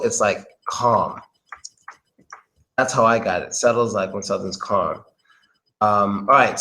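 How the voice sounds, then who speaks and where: A man's voice: fairly low pitch, fairly bright tone, low-quality recording. A man giving a casual pronunciation lesson, thinking aloud and often hesitating. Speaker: English pronunciation tutor.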